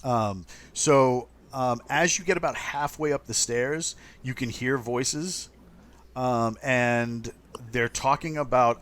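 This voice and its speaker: A man's voice: mid-range voice, takes it slowly. A man narrating as game master for a tabletop game, talking loosely with many ums and uhs. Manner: relaxed, full of ums and uhs.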